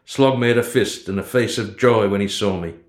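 A man narrating a story in the first person in a steady, low-key way. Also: normal speed, reverberant. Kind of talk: storybook reading.

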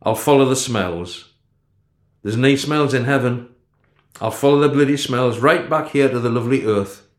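A wry, dying older man, as a male storyteller puts him on. He speaks in a hushed, confiding way, pitched a little above the reader's natural voice. The storybook reading has a noticeable echoey room sound. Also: moderate pace, close to an everyday voice. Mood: wistful. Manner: confiding, half-whispered, chuckling.

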